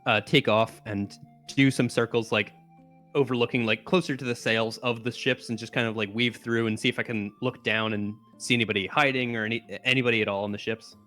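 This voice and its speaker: A man's voice: mid-range voice, fairly even intonation, a little fast, a bit bright, soft background music. A man playing a tabletop game, talking in loose rambling sentences full of likes. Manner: rambling, lots of likes and restarts. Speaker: player. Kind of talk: casual tabletop play.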